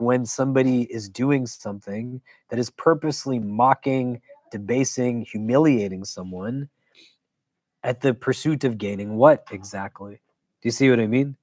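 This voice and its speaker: A man, an imam, teaching a weekly religious class in a casual, conversational way. He keeps checking in with his listeners and tells stories with quick asides. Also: mid-range voice, no room sound. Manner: conversational, keeps asking "do you know?"; animated storytelling with quick asides.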